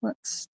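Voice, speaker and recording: A woman's voice: pushed and bright, dry recording, rough recording. An older woman, a card-making instructor, chatting to viewers during a live-streamed craft tutorial in her home craft room. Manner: chatty, talks to viewers while stamping.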